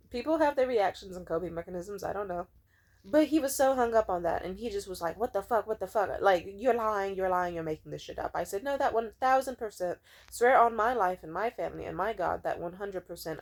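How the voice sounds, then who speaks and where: A woman's voice: mid-range voice, a little fast. A young woman venting in a heated, profane rant, retelling an argument with quoted back-and-forth dialogue. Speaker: vlogger.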